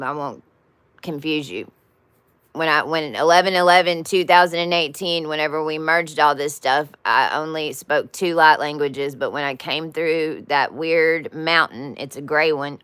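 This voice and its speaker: A woman's voice: deep voice, a bit bright, clear, resonant tone, no room sound. A woman telling a spiritual story in a casual, rambling way with many restarts and asides. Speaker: spiritual vlogger.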